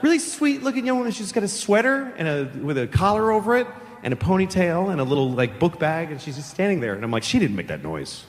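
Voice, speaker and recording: Profane middle-aged stand-up comedian. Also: male voice, sits high, lively intonation, fast talker. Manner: profane, conversational storytelling. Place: large theater stage. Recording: echoing live hall, audience noise.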